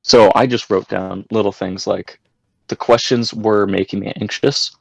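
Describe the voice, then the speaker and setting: A man's voice: fairly low pitch, steady tone, normal speed, gravelly, slightly rough, dry recording, low-quality recording. A young man, a podcast guest, casually telling prank-call stories and crude jokes. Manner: storytelling, crude jokes, acts out voices. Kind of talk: casual chat.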